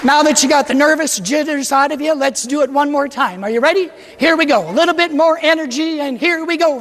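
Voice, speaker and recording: A parish priest with a very high voice leads a sermon in a large church, playfully joking as the congregation echoes a cheer back to him. He speaks a little fast with few pauses and a somewhat bright tone. The church is echoey, the crowd audible behind him, with slight background noise.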